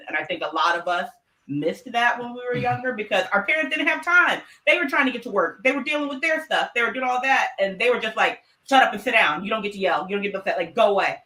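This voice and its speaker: A woman's voice: fairly low pitch, sharp tone, poor audio. A woman co-hosting a casual podcast chat, explaining her views earnestly and at length. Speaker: podcast co-host.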